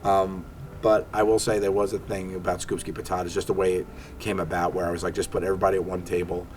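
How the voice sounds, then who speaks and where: A deep-voiced comedian from Staten Island talks fast as an interview guest, animatedly telling stories and acting out quotes. A little hiss or hum runs under the recording.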